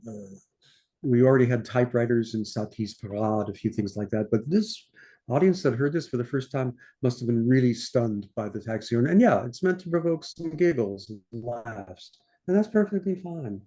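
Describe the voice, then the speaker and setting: Mellow and mid-range, with lively intonation, an older American conductor sings orchestral lines as scat between his explanations. It's a score-study masterclass, delivered unhurriedly as he thinks aloud with fillers.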